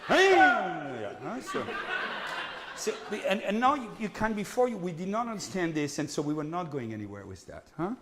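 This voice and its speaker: Animated man coaching opera singers. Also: sits high, brisk, noisy background. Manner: animated, scats rhythms and sings phrases to demonstrate. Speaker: vocal coach. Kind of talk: opera master class teaching. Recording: reverberant hall.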